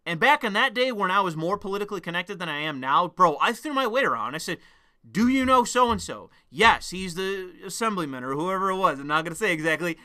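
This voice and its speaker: Guy going off in a swear-heavy rant, high voice, real clean and clear. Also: expressive, quick pace, hardly any pauses, sharp tone. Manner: profane, combative, heated. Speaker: vlogger. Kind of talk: ranting monologue to camera.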